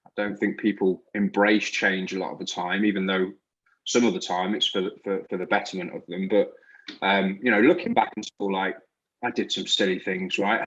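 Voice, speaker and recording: Reflective English man, low and dull. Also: steady tone, moderate pace, fairly bright tone. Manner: reflective, loose, many fillers. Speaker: podcast guest. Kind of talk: casual chat.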